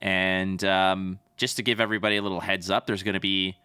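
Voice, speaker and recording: Male podcast co-host, bright and dry-sounding, chatty and joking. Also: deep voice, flat delivery, brisk, smooth, no room sound. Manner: chatty and joking, winding down the episode. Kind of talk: casual podcast chat.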